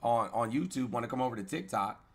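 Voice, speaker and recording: A man's voice: mid-range voice, expressive, quick pace. A middle-aged man hosting a livestream, talking bluntly and casually to his chat in slangy speech. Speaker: livestream host.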